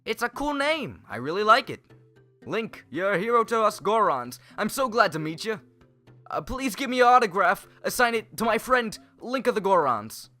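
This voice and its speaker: A man voicing an eager young male Goron rock-creature boy, reading game dialogue aloud in an excited, pleading, high and loud voice. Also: moderate pace, faint music behind, heavily acted. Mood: starstruck.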